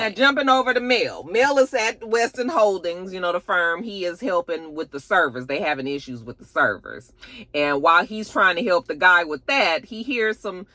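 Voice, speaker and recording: A woman giving a casual, profane episode recap, animated and acting out the characters as she goes. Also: on the low side, moderate pace, no room sound. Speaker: TV episode reviewer.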